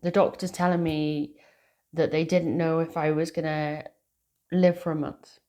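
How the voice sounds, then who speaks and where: Slow, earnest British woman. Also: sits low, level tone, warm tone. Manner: earnest and heartfelt, slow with many fillers. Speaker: tarot reader. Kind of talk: casual spiritual message to viewers.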